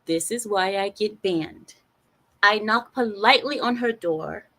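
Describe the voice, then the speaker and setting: Young adult woman, storytime vlogger; expressive and animated, does the other characters' lines in quick quoted voices; middle-pitched voice. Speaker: vlogger telling a personal story.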